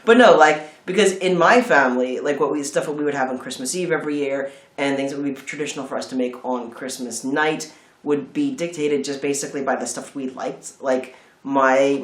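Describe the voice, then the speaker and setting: A man chats casually about a film, wandering off on tangents and swearing as he goes. His voice sits at an ordinary pitch. The room gives it a noticeable echo. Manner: rambling, swears freely, tangents. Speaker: film review host. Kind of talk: casual chat.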